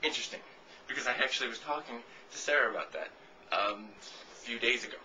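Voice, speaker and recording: A man's voice: mid-range voice, expressive, quick pace, bright, forceful tone, a little hiss or hum, poor audio. A man in his twenties talking casually to camera. He rambles through a comic, sarcastic rant and swears freely. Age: 20s. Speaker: vlogger answering a viewer question.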